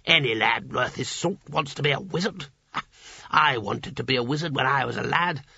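A man's voice: mid-range voice, normal speed, gravelly, bright, forceful tone, slightly rough, no room sound, full character voice. A man doing a jolly fat old wizard. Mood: jovial. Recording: dull lo-fi dry recording.

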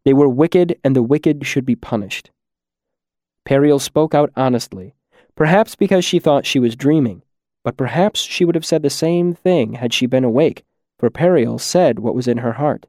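A man reading a fairy tale aloud with measured, steady storytelling. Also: medium pitch, dry recording, clean studio sound. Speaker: narrator. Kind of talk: storybook narration.

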